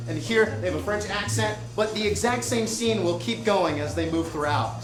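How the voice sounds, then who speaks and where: A man hosting a live improv comedy show, chatty and upbeat as he sets up the games. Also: high voice. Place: comedy club stage. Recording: distant echoey club, loud music.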